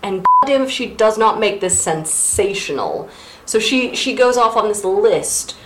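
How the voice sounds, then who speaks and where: A woman co-hosting a podcast in casual chat, sarcastic and animated as she recaps a play. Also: medium pitch, moderate pace, roomy sound, slight background noise. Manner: animated, sarcastic, acts out characters. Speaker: podcast co-host.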